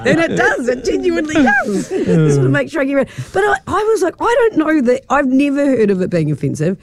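A woman co-hosting breakfast radio, chatty and laughing often, her voice jumping high when amused. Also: huge pitch swings, fairly quick, background noise. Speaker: radio host.

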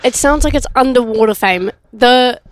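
A woman producing the radio show, with a voice slightly high for a woman. She chimes in with dry, hesitant remarks, and clear noise sits under her voice. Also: moderate pace. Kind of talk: casual radio banter.

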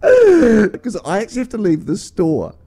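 A man's voice: high voice, wildly swooping pitch, measured pace, dark tone, a little hiss or hum. A man hosting casual breakfast radio banter in a studio, teasing, laughing often and playing at exasperation. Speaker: radio host.

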